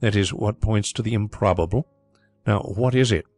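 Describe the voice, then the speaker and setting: Man reading skeptical gentleman investigator, brisk, blustery, low voice. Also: no echo, faint music behind, natural voice.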